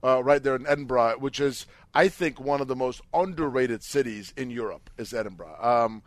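A man's voice: mid-range voice, normal speed, no room sound. A man hosting a casual podcast chat, enthusiastic and eager to recommend places to listeners. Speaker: host.

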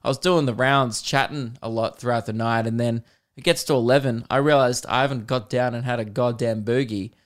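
Steady in tone and fairly quick, this man's voice is medium in pitch. He's an Australian in his thirties hosting a comedy podcast, spinning an exasperated story with lots of swearing and laughter.

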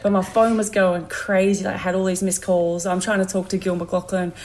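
A woman's voice: on the low side, flat delivery, brisk, a little mellow, slight background noise. An Australian woman chats easily as a podcast guest, telling stories and laughing between them. She sounds like she is in her thirties. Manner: chatty storyteller who laughs while telling stories. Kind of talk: casual chat.

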